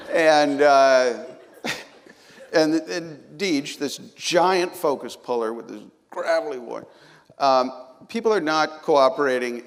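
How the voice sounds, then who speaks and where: A man on a live panel telling a rambling behind-the-scenes story, laughing often. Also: mid-range voice. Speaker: panelist, series creator. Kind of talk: casual panel talk. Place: large hall. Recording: live hall with long reverb.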